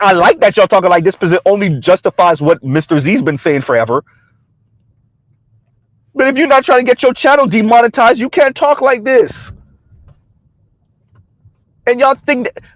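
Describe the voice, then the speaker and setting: A man's voice: high-pitched, animated, moderate pace, pauses often, no echo. A man giving a combative, sarcastic opinion rant to his viewers, repeating his points and laughing between them. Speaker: commentary vlogger.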